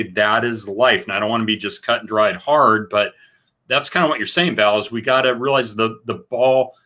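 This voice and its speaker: A man co-hosting a talk show, bluntly urging listeners to take action. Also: mid-range voice. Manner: forceful, exhorting, blunt. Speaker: co-host. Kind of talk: casual talk show discussion.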